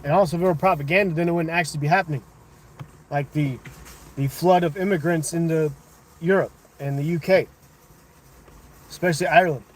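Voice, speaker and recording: A man hosting a livestream, casually chatting and arguing with viewers in chat, thinking out loud. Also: a little high, steady tone, a little fast, long pauses, slight background noise. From United States. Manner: conversational, argumentative with chat, thinking aloud. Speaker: livestream host.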